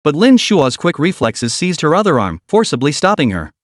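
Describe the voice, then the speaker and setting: A man narrates a comic recap with dramatic storytelling, his pitch moving lively and sitting a little high. The sound is dry and close with no room in it. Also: normal speed, dry recording.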